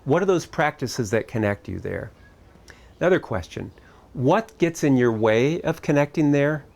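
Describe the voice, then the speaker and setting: A man's voice: on the high side, animated, moderate pace, creaky, a little mellow. A middle-aged man speaking at a family camp, giving a reflective talk in a conversational way. He asks his listeners searching questions and adds light humor.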